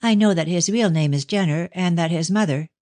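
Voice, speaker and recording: A man's voice: high-pitched, a little fast, a little mellow, no echo, voice pushed up, close to an everyday voice. A man voicing an anxious young Victorian daughter who pleads earnestly with her father in an audiobook. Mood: distressed. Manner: pleading, raised and earnest delivery. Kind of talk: audiobook reading of a novel.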